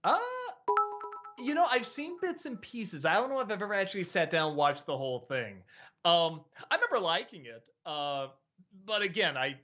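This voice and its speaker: A man chats casually on a live stream, his bright voice rising and falling a lot as he hesitates, restarts and laughs. The audio is a little dull and lo-fi. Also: high voice, sing-song, normal speed. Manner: hesitant, many fillers and restarts, laughs easily. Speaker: host of a live-streamed chat show. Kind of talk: casual live-stream chat answering viewers.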